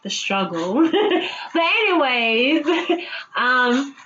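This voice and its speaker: Woman vlogger, higher voice, loose and profane, laughs a lot; dull lo-fi recording. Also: big pitch swings, extremely slow, bright, forceful tone, slight background noise. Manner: chatty, swears freely, laughs often. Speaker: TV episode reviewer. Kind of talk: casual episode recap.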